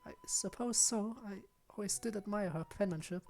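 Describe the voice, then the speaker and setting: Guy doing a quiet shy bookworm girl, higher voice, hesitant and polite, game music faint behind. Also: normal speed, gravelly. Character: shy, soft-spoken bookish young woman. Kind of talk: reading visual novel lines aloud.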